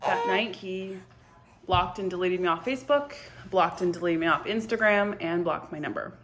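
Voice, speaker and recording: Woman, 20s, confessional vlogger, halting and emotional, soft and hushed delivery. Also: lowish voice, very noisy. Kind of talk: personal confessional storytelling.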